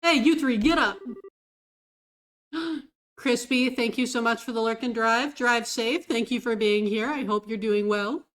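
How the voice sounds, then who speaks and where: A woman's voice: on the high side, a little slow. Bubbly woman streamer. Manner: bubbly, thanks chat warmly. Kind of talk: live game stream commentary. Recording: game music behind.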